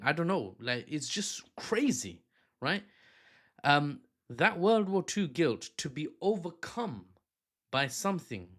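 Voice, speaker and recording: A man talking through world politics in a loose commentary style, mid-pitched and conversational. He keeps drifting into silly asides and quick self-corrections before getting back on track. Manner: jokey, breaks off into silly asides and apologies. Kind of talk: casual news commentary. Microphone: handheld or desk mic.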